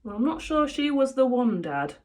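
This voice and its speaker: Earnest kind young boy, a woman reader voicing him, raised pitch, eager storybook tone. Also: big pitch swings, normal speed.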